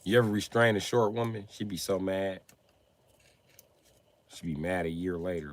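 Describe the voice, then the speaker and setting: A man's voice: deep voice, moderate pace, pauses often. A man doing a profane, mocking comedy rant on a live stream, often laughing as he talks.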